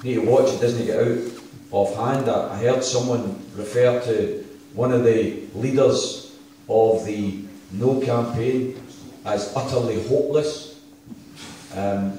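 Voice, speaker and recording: A man's voice: mid-range voice, warm tone, distant mic. Scottish guy in his middle years giving a fired-up rally speech, really echoey hall, mic way off. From Scotland. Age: middle-aged. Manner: impassioned, storytelling with jokes and asides. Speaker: political campaign speaker. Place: town hall.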